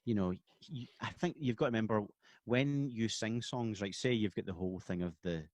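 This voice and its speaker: Scottish man rambling in a dry, low voice. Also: fairly quick, no echo. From Scotland. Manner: rambling, many restarts, laughs easily. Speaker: guest musician. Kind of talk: casual podcast chat. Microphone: video call.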